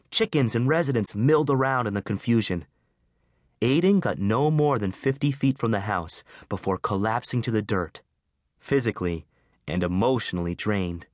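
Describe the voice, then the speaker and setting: A man reading a children's adventure audiobook with expressive, scripted storytelling. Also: fairly low pitch, no room sound, studio quality. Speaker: audiobook narrator. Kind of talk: scripted narration.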